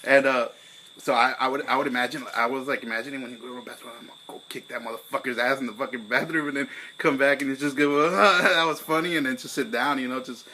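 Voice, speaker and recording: A young man, co-hosting a casual podcast over beers, telling a profane story and acting out his own angry shouting. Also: medium pitch, fairly even intonation, fast talker, slight background noise, low-quality recording. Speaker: podcast co-host.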